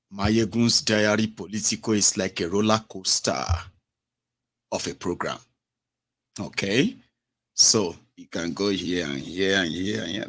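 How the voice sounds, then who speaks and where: A man's voice: on the low side, fairly bright tone. A Nigerian man hosting a solo radio broadcast. He talks casually and switches between English, Pidgin and Yoruba, and he acts out the listeners he quotes. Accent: Nigerian, Yoruba-speaking. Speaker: radio host.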